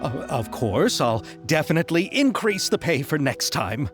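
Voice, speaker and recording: A man's voice: on the high side, very animated, moderate pace, soft background music. A man voicing a polite, eager film director in a video game. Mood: courteous.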